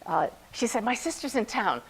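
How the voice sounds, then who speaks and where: A woman's voice: on the high side, moderate pace, creaky, breathy edge, rough recording. A woman, a spiritual medium, telling a personal story to an audience and acting out the voices in it. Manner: lively storyteller who acts out quoted voices. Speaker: spiritual medium giving a talk.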